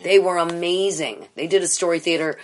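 A woman's voice: on the low side, fairly even intonation, a little fast, background noise. A middle-aged woman, an improv teacher, talking bluntly and profanely in a candid interview.

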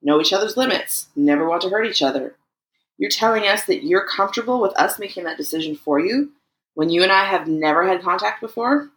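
A woman's voice: mid-range voice, lively intonation, fairly bright tone, close to an everyday voice, poor audio. Woman doing a methodical, probing young man. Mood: earnest. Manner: measured, methodical questioning.

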